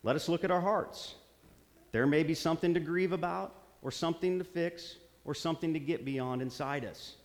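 A man's voice: a little high, normal speed. A man preaching a sermon, earnest, repeating phrases for emphasis. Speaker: pastor. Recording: long hall reverb.

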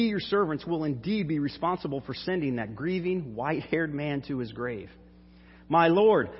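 A man's voice: on the high side, a little hiss or hum, close to an everyday voice. A man reading aloud as a humble older brother begging a ruler for mercy, in an earnest, imploring manner. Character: pleading grown male brother, humble and desperate. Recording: dull hall reverb.

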